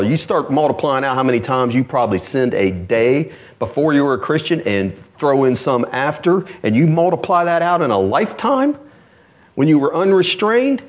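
A man preaching a sermon in a storytelling way, moving between high emphatic lines and low, hushed ones.

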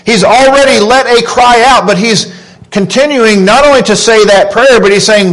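A man in his thirties preaching a sermon, earnest and deliberate, rising in pitch when he quotes scripture. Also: fairly bright tone, rough recording. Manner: slow, earnest preaching with emphatic rises on quotes. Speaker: pastor.

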